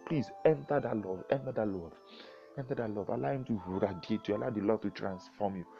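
A man's voice: lowish voice, a little fast, creaky, lo-fi sound, faint music behind. A man preaching and praying fervently, pleading with his listeners, at times speaking in tongues. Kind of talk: devotional sermon and prayer.

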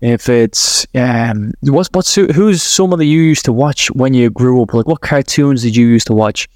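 A man's voice: medium pitch, normal speed, a little mellow, no room sound, studio quality. A man hosting a podcast who talks listeners through a visualization exercise, rambling and correcting himself as he goes. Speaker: podcast host, NLP coach. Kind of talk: guided visualization talk.

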